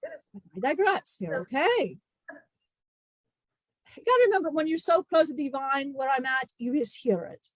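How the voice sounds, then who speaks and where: A woman's voice: high-pitched, big pitch swings, measured pace, long pauses, no room sound. A woman channeling a jovial ancient male spirit teacher, giving rambling, joking advice. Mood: warm jokey.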